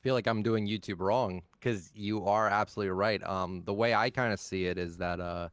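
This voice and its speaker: A man's voice: lowish voice, fairly even intonation, normal speed, clean tone, dry recording, clean studio sound. A man being interviewed as a content creator, speaking in a laid-back, blunt way with casual swearing.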